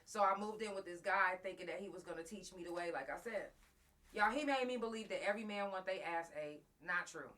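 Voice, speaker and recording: A woman's voice: mid-range voice, brisk, a bit bright. A woman hosting a live talk show, telling a raw, profane personal story straight to her listeners while close to tears. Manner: raw, profane, emotional, addresses listeners directly. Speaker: host.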